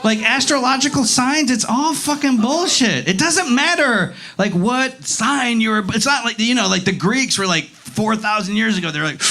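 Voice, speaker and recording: Animated, gravelly-voiced stand-up comedian. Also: male voice, very high voice, normal speed, few pauses. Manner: profane, animated, laughing through lines. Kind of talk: stand-up comedy set with crowd work. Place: live comedy club.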